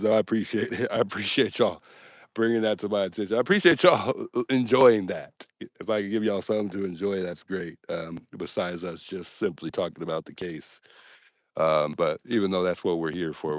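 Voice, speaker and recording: Outdoors at night, a man hosts a casual livestream, joking and poking fun at himself while speaking directly to his chat. His voice sits low, and the studio-quality audio has no echo.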